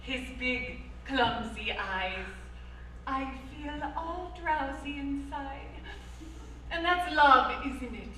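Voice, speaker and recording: A woman's voice: high voice, slow pace, bright, forceful tone, slight background noise, full character voice. A woman playing a gushing showgirl bride. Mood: dreamy. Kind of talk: stage musical performance. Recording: echoey stage from far off.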